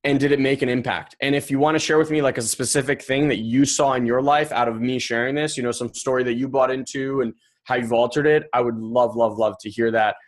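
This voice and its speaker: A man's voice: mid-range voice, a little fast, hardly any pauses. A man hosting a podcast, talking casually and animatedly about a personal insight and acting out quoted thoughts. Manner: animated, acts out quoted inner voices. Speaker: podcast host. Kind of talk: casual motivational monologue.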